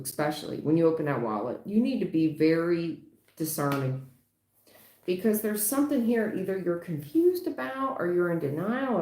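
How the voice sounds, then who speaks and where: A woman's voice: lowish voice, darkish tone, reverberant, slight background noise. A woman doing a livestream tarot reading, blunt and emphatic, swearing casually as she lays out the cards. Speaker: tarot reader.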